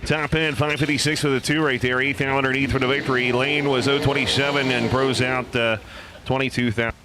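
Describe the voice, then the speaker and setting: A man announcing a live drag race, calling lanes, reaction times and winners quickly and playfully. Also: medium pitch, steady tone, noisy background. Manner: fast, upbeat, joking between races. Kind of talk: live drag racing commentary. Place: outdoor drag strip.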